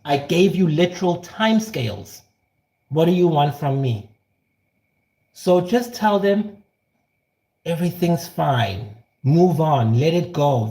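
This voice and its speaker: A man giving a casual spiritual talk while he cooks, self-assured and animated, drifting between prophecy and cooking asides. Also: a little high. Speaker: spiritual teacher. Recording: roomy echo.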